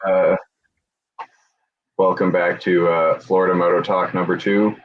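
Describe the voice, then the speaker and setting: A man's voice: low-pitched, little pitch movement, unhurried, a little hiss or hum. A man hosting a casual motorcycle talk show, speaking in an easygoing way full of fillers. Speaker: podcast host. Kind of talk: casual chat. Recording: dull lo-fi sound.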